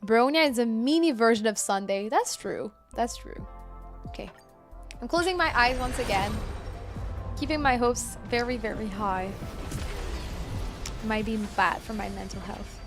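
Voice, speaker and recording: A woman's voice: fairly high pitch, moderate pace, pauses often, over music. A woman streaming a game, chatting casually with viewers, apologetic and laughing often. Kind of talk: casual live-stream chat.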